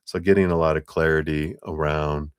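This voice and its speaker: A man with a very low voice talks through a tarot reading on a live stream. He rambles in a relaxed, casual way, with plenty of fillers, and cheerfully thanks viewers by name. The sound is dry and close. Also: normal speed, clear, resonant tone, dry recording. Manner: loose, rambling delivery with many fillers. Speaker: tarot reader.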